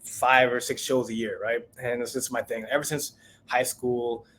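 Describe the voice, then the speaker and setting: Animated man telling a story. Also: mid-range voice, moderate pace, slight background noise. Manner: animated storyteller, acts out quoted voices. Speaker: chef guest. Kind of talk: casual storytelling interview.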